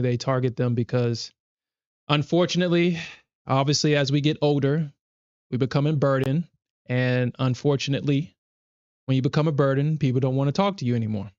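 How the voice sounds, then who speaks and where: A man's voice: mid-range voice, fairly even intonation, brisk, darkish tone, clear, resonant tone, no room sound, muffled recording. A man hosting a live stream, chatting casually, telling stories in slang and laughing often. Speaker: live-stream trading host. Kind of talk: casual chat.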